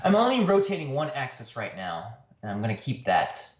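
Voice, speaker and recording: A man's voice: wildly swooping pitch, fairly quick. Chatty man in an echoey room. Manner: laughing storyteller, jumps high when quoting. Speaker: guest artist. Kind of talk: casual livestream chat. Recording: roomy echo.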